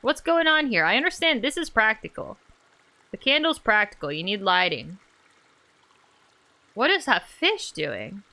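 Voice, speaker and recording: A woman streamer chats playfully over a game, with a lively, swooping pitch and a bright, forceful tone. Her voice sits a little high, and faint game music plays behind her. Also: unhurried, creaky, pauses often. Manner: playful and animated, jokey asides. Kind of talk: casual let's-play commentary.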